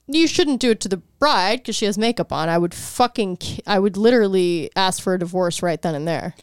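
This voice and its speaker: A woman's voice: medium pitch, fairly quick, clear, resonant tone, no echo, clean studio sound. Giggly profane woman podcast co-host. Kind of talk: casual chat.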